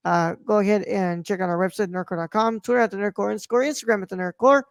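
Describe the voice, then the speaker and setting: A woman's voice: medium pitch, fairly even intonation, fast, no room sound. Dry, casual woman podcast co-host. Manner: loose, profane, full of fillers. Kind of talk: casual movie review chat.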